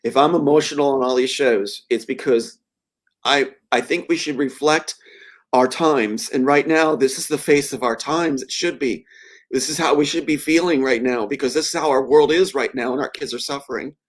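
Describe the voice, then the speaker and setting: A man's voice: mid-range voice, moderate pace. A man speaking as a guest on a live web show over a video call, earnest and heartfelt, choked up with emotion.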